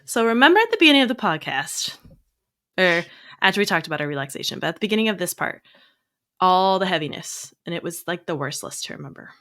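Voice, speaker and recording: A woman in her thirties, a therapist co-hosting a podcast, talking in an encouraging way and reading uplifting lines slowly. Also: fairly low pitch, sing-song, a bit bright. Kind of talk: casual podcast chat.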